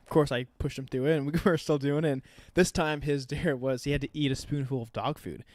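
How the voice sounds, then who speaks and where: A man's voice: medium pitch, steady tone, fairly quick, a little mellow, no echo. A man in his twenties, a podcast co-host and youth leader, telling a story in casual chat, rambling with lots of "like" and laughing as he talks. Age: 20s. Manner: rambling, heavy use of "like", laughs while telling.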